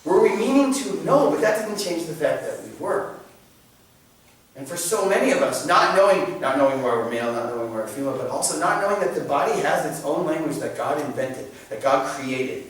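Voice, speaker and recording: A man giving an informal faith talk to a class, animated and joking, often restarting his sentences. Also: on the high side, fairly quick. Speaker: catechism class presenter. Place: church meeting room. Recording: very echoey room, mic at a distance.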